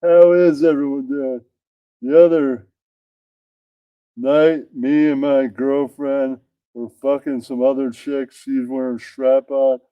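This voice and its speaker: A man reading his own crude comedy bits aloud and closing jokes with deadpan tags. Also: mid-range voice, slow pace, clear, resonant tone, no echo, lo-fi sound.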